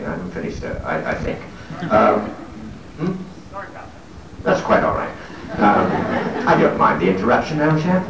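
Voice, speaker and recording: A middle-aged man talks easily from a convention stage, joking with the crowd and trailing off into ums and restarts. His voice is distant and echoey on a noisy 1970s hall recording, with a steady hiss underneath. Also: medium pitch. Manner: genial, joking with the audience, many ums and restarts. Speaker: guest actor at a fan convention Q&A. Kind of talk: live stage Q&A, chatty anecdotes. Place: large convention hall with an audience.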